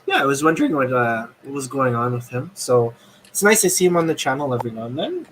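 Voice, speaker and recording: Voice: medium pitch, sing-song, quick pace, fairly bright tone, slight background noise. A podcast host reading live chat comments aloud in a casual, friendly way.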